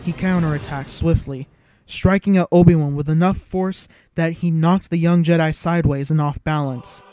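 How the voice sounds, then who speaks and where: Man narrator, audiobook, dramatic storytelling, mellow tone, fairly high voice, faint music behind. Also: fairly even intonation, normal speed. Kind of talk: scripted narration.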